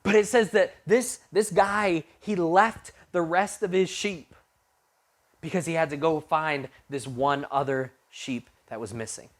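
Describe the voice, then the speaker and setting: Animated man telling a youth sermon story. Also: a little high, unhurried. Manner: animated storyteller with frequent restarts. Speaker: youth pastor.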